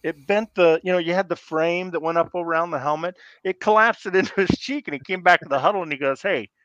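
A middle-aged man from Iowa, a podcast guest telling rambling, animated stories in a casual interview, often restarting sentences. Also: high voice, fast talker, no room sound. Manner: rambling, animated, acts out coaches yelling. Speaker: podcast guest, former college football player. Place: live podcast studio. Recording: slightly muffled dry sound.

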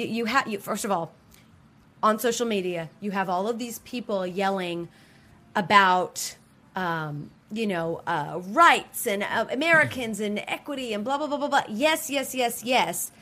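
A woman's voice: mid-range voice, unhurried, a bit bright. A woman in casual chat, talking animatedly with many fillers and restarts.

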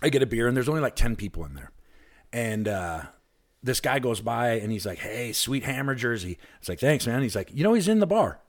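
A man from Alaska, a podcast guest, telling a long, excited anecdote in casual chat and acting out the people in it. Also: mid-range voice, a little fast. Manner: excited, rambling anecdote with lively quoted voices.

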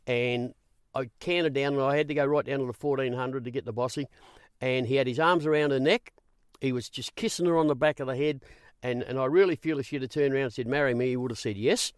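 Brief: older Australian male guest, lively yarn-spinner who acts out quoted dialogue, dry close recording. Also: medium pitch, quick pace, smooth, dry recording. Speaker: guest, former racing reporter. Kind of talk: storytelling interview.

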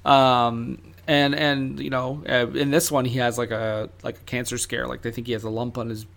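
A man's voice: medium pitch, little pitch movement, normal speed, vocal fry, a bit bright. A man co-hosting a casual film podcast, chatty and full of fillers. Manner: chatty, many fillers, laughs easily. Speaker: podcast co-host. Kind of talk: casual film review chat.

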